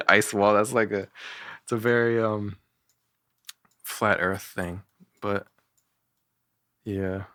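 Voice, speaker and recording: Young male musician, deep voice, dry close sound, rambling and self-mocking. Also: fairly even intonation, takes it slowly, long pauses, sharp tone, no room sound. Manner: rambling, self-deprecating, frequent fillers and laughs. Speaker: musician reviewing his own songs. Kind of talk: casual solo commentary.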